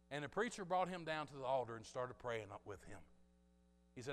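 A male preacher delivers an impassioned sermon, his bright, forceful voice swinging from loud bursts to hushed asides. A long reverb trails each phrase, as in a large sanctuary. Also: on the high side, expressive, brisk.

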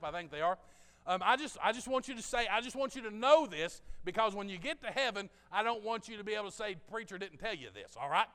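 A man's voice: high-pitched, fairly bright tone, smooth. A man preaching a sermon in a chatty, joking way, talking straight to the congregation in a church. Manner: conversational, jokey preaching with asides to the congregation. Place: church sanctuary. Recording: long hall reverb.

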